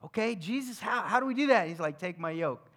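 Conversational male preacher, higher voice. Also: expressive, fairly quick. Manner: conversational, swings between emphatic and hushed. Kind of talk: sermon.

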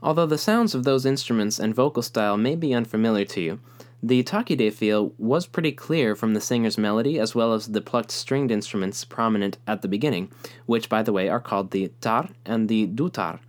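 A young man teaching a rhythm lesson, explaining calmly and speaking rhythm syllables aloud. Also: lowish voice, brisk. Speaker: music teacher.

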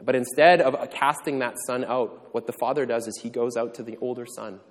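A man's voice: mid-range voice, steady tone, brisk, big-room sound. A male pastor giving a sermon in a conversational teaching manner, with frequent restarts. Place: church sanctuary.

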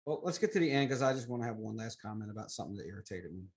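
A man's voice: lowish voice, animated, very fast. A man co-hosting a wrestling podcast, talking in a casual and chatty way. He gives his opinions freely and jumps from one point to the next. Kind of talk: casual chat about wrestling.

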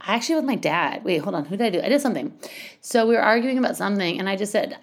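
Chatty woman with slight gravel. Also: mid-range voice, expressive, rapid-fire. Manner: chatty, rambling, many restarts and asides. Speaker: parenting coach. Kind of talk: casual advice talk.

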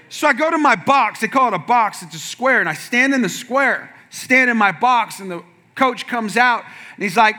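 Man, pastor, humorous sermon, high-pitched, piercing bright tone, animated storyteller. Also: normal speed. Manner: animated, acts out quotes with sudden shouts.

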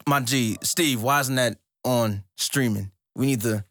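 Young male co-host, animated and profane, quick pitch jumps when quoting himself, dry close mic. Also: no echo. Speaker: podcast co-host. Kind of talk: casual chat about music.

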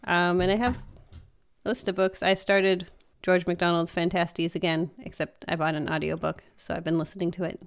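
A woman co-hosting a podcast, with a smooth, clear voice that sits fairly low for a woman. She talks about her work in an earnest, thoughtful way. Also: little pitch movement, fairly quick. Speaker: podcast co-host and fantasy author. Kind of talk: casual chat.

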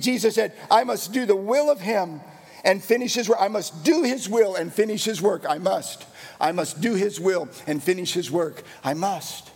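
Male pastor, high gravelly voice, emphatic repetitive preaching in a reverberant hall. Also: a little mellow. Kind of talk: sermon.

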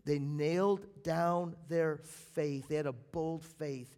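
A man preaching a sermon as pastor, swinging between loud emphatic bursts and quiet, low passages. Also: steady tone, slow pace. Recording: long hall reverb.

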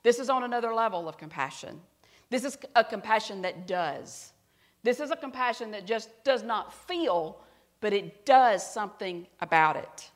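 Woman, middle-aged, preacher, earnest, soft-spoken at emotional points. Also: a little high, expressive, moderate pace. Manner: earnest storytelling, drops to soft quiet tones at emotional parts. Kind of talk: sermon with personal story.

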